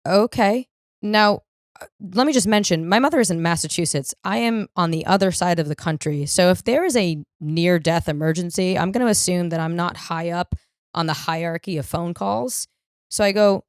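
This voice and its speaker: A woman's voice: on the low side, moderate pace, dry recording, studio quality. Blunt, profane young woman podcaster. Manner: blunt, profane, self-mocking storytelling. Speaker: podcast host. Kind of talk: comedic solo podcast monologue.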